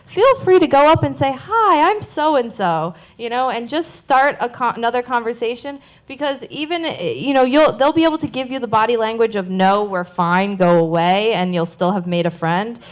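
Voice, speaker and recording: A woman's voice: on the high side, animated, normal speed, hardly any pauses. A woman hosting a convention panel, speaking encouragingly to the audience about community. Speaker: panel host. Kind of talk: leading a panel discussion.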